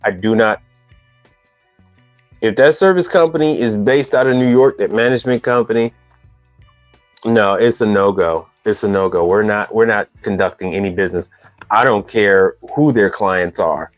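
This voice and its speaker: A man's voice: on the low side, moderate pace, dry recording. A man hosting a casual live stream on business questions, rambling and teasing in loose slang. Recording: dull dry sound with faint music behind.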